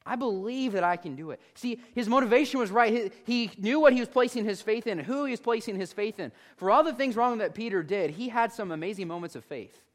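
A man preaching a sermon in an animated, conversational way, talking directly to his listeners. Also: high voice, quick pace, hardly any pauses.

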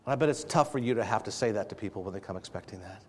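A man's voice: lowish voice, rapid-fire, a little mellow, husky. A man preaching a sermon in a conversational way, asking the audience questions and acting out little dialogues. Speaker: pastor.

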